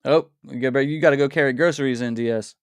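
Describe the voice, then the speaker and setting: A man hosting a casual livestream, talking in a relaxed, rambling way with fillers and restarts. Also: mid-range voice, fast, clean tone, no echo, studio quality. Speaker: livestream host.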